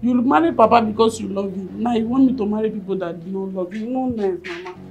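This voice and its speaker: Speaking quickly in a natural, mid-range voice over music, an actress plays a daughter in a film drama. Her character, a young woman, insistently and defiantly pleads as she refuses an arranged marriage.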